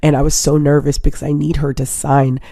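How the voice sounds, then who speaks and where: Woman, thirties, from Hawaii, live-stream host, rambling, gravelly fry, dry close-miked sound. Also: low voice, level tone, fairly quick, warm tone, dry recording. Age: 30s. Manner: rambling, chatty, keeps addressing viewers. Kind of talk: casual live-stream chat.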